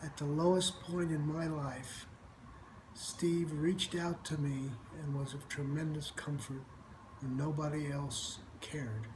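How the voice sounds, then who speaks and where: A woman with a slightly low voice speaks slowly and earnestly in a warm get-well message. A faint noise hums behind her. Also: fairly even intonation. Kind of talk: heartfelt video message.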